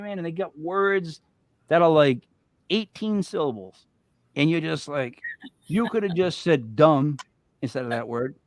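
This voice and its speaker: A man hosting a podcast, chatting casually in an animated, joking, rambling way. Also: on the high side, no echo. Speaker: podcast host. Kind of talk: casual chat.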